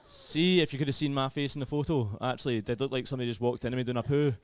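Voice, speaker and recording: Scottish man, young, stand-up comedian, self-deprecating, chatty, mid pitch. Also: fairly even intonation, rapid-fire, a little hiss or hum. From Scotland.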